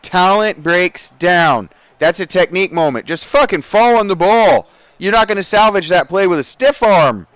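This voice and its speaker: A man narrating his own football video game in a loose, profane rant, dropping to low mutters and then bursting out loud. His voice sits a little high for a man. The sound is dry and close, with no room around it. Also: normal speed, few pauses, no room sound. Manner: profane, excitable, ranting. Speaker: gaming streamer. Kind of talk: casual gameplay commentary.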